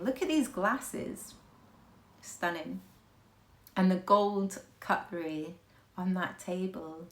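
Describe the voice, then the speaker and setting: A woman's voice: mid-range voice, echoey room. A woman hosting a casual reaction video, gushing and chatty, laughing often as she talks through pictures. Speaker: royal news reaction host.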